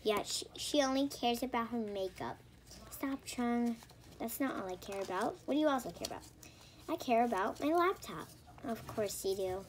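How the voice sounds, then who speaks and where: A woman's voice: on the high side, animated, normal speed, slight background noise. A woman chatting playfully while acting out a doll family story, rambling and giggly. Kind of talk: playful doll role-play narration.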